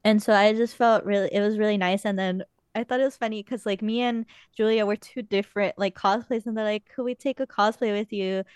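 Young woman gabbing on a podcast, smooth clear voice, dry close sound, swears now and then. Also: mid-range voice, fairly even intonation, brisk, hardly any pauses, darkish tone, no echo. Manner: chatty storytelling, frequent swearing. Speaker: podcast host. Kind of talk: casual chat.

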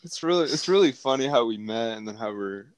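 A man's voice: mid-range voice, animated, fairly quick, dry recording. A young man, a guest on a casual chat, teasing and laughing as he recalls old school stories.

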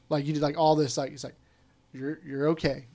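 A man guest telling a personal story in casual conversation, candid and quick to swear, often quoting what others said. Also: on the high side, steady tone, creaky.

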